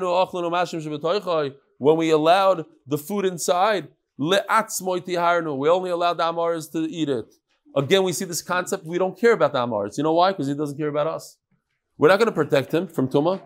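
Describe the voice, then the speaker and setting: A man teaching a Talmud lesson in an animated way, acting out the sages' exchanges and mixing in Hebrew and Aramaic terms. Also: on the high side.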